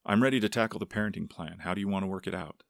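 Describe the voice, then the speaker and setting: A man's voice: sits low, very fast, gravelly, dry recording, clean studio sound. A man voicing an anxious, earnest young ranch hand who answers his elders politely. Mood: earnest, uneasy. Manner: polite, says "sir" to elders.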